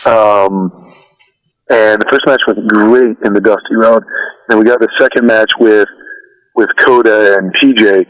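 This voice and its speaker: A man as an interview guest, telling stories in a relaxed, rambling way with many fillers. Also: fairly low pitch, measured pace, low-quality recording. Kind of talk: casual storytelling interview.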